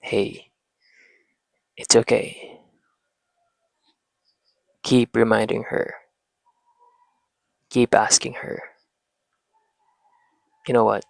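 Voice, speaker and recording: A man speaks slowly and reflectively, reasoning aloud through pauses and restarts. His voice is heavily gravelly with a husky edge. The sound is dry and close to the mic. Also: lowish voice, a bit bright, dry recording, rough recording. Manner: talks to himself, pauses and restarts. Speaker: parenting channel host. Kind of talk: slow reflective monologue.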